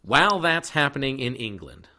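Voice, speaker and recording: A man's voice: mid-range voice, very animated, normal speed, bright, forceful tone. A man casually recapping a movie plot, rambling with fillers and restarts and acting out the characters' lines.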